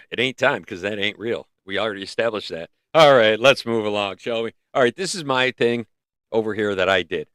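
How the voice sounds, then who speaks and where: A middle-aged man in northern North America hosts a livestream, his lowish, slightly bright voice moving at a moderate pace as his throat gives out. He rambles and muses casually with many restarts, recorded close-miked in studio quality with no room sound.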